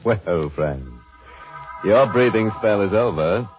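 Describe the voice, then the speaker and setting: A man's voice: lowish voice, lively intonation, slow pace. An actor playing a sardonic male horror host who relishes the macabre, in a 1940s radio drama. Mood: mocking. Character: ghoulish male horror host, mocking and grim. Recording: dull old radio recording with music.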